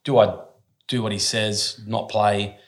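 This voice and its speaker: A man's voice: fairly low pitch, flat delivery, a little slow. A man in his forties with an Australian accent, a former athlete telling stories as a podcast guest in a blunt, casual way, swearing freely and often restarting his sentences.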